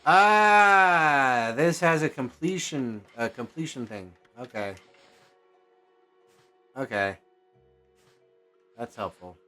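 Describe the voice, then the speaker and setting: A man's voice: mid-range voice, lively intonation, takes it slowly, pauses often, pushed and bright, faint music behind. A man streaming a game, chatting casually and thinking aloud as he plays, rambling and correcting himself as he goes. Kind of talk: casual gameplay commentary.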